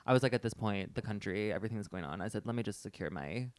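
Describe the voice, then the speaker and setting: A man's voice: lowish voice, lively intonation, rapid-fire, clean tone, dry recording. A young man co-hosting a podcast, telling a story in casual chat and acting out both sides of the conversation. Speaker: podcast co-host.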